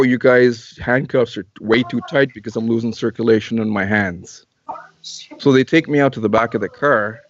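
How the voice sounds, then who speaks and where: A man's voice: mid-range voice, lo-fi sound. A man from Canada, a guest in an interview, tells a long personal story in casual talk, repeating and restarting phrases as he goes.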